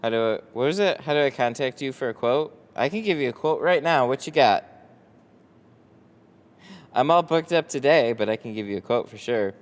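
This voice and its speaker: A man's voice: medium pitch, lively intonation, moderate pace. A man running a casual live stream from his tint shop, reading chat aloud, tired and rambling with casual swearing. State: tired, no coffee.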